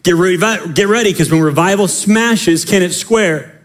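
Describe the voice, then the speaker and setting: A male pastor preaching a sermon in an animated, emphatic way, often repeating phrases. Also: high-pitched, normal speed.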